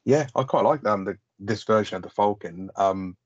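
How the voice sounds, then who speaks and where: A man's voice: lowish voice, normal speed, no room sound, highs cut off. A man co-hosting a film podcast, chatting casually, rambling and sweary with lots of "like". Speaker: podcast co-host. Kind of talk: casual film review chat.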